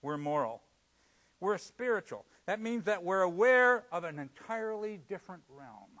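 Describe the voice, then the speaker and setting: A male preacher in full sermon mode, his voice pitched high and ringing bright. He jumps from loud, forceful emphasis to hushed, low asides. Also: expressive, normal speed, poor audio.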